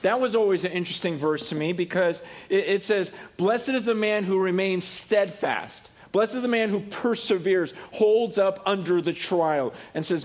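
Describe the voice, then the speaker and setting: A man's voice: high-pitched, normal speed, few pauses. A man preaching a sermon in a conversational way, often repeating and restarting words as he explains. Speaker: pastor.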